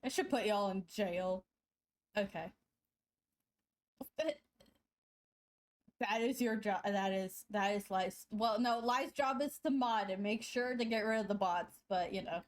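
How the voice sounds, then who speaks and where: A woman's voice: medium pitch, measured pace, pauses often. A woman artist chatting casually with her stream viewers while drawing, giggling often and joking about herself in a rambling way. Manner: giggly, rambling, laughs often mid-sentence; playful self-mocking banter.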